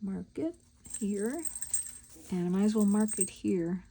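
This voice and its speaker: A woman's voice: medium pitch, a little slow, warm tone, a little hiss or hum. A woman hosting a crafting video, chatting casually and telling stories while she works. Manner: chatty, storytelling, thinks aloud while working. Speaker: crafting channel host.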